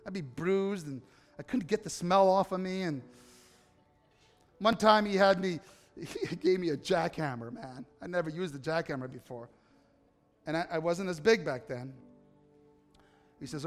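A pastor with a slightly high voice for a man delivers a lively sermon built on personal stories, acting out the voices of people in his anecdotes before building to impassioned appeals to the congregation. He speaks at normal speed with long pauses, while a long hall reverb trails his words over faint music.

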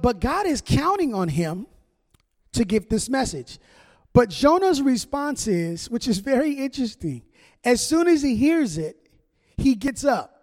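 A man preaching a sermon as a pastor, conversational and animated, acting out the quotes he reads. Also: very high-pitched, in a large hall.

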